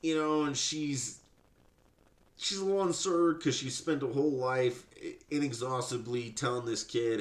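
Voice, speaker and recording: A man's voice: medium pitch, moderate pace, echoey room. A man hosting a podcast, ranting sarcastically and profanely in mocking commentary. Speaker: podcast host.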